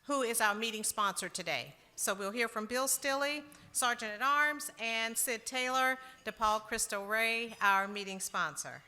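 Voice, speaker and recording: A woman's voice: fairly high pitch, unhurried, hardly any pauses, pushed and bright. A woman leading a club meeting, announcing the program and speakers in turn. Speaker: meeting leader. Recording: echoey hall.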